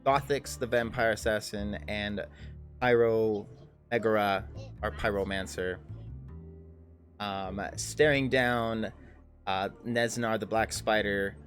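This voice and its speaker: A man's voice: on the low side, fairly bright tone. A man narrating a tabletop game as game master, rambling with many fillers and restarts.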